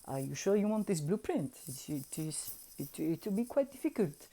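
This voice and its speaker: A woman doing a calm, earnest male spiritual reader. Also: low-pitched, exaggerated voice. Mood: earnest, gentle. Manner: slow, careful, halting phrasing.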